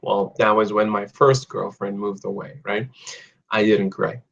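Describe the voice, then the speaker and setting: A young man hosts a live online English lesson, chatting loosely and joking as he reads out viewers' answers. He talks at an unhurried pace. His voice comes through slightly dull and lo-fi. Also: lowish voice, steady tone, vocal fry, fairly bright tone. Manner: chatty, reads viewer comments aloud, jokes.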